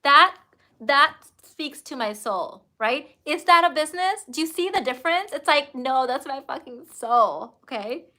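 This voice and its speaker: Bright, high-voiced effusive woman coach. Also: lively intonation, moderate pace. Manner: effusive and emphatic, with casual swearing. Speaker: business coach and host. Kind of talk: casual livestream answering viewer comments.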